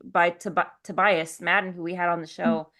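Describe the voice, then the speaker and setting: A woman's voice: on the low side, flat delivery, normal speed, a bit bright. A woman from the United States hosting a casual podcast interview, encouraging her guests. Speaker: podcast host.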